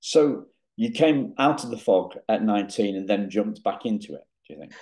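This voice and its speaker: A man hosting a podcast, asking calm, brief, probing questions. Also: on the low side, moderate pace. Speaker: podcast host. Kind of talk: interview questions.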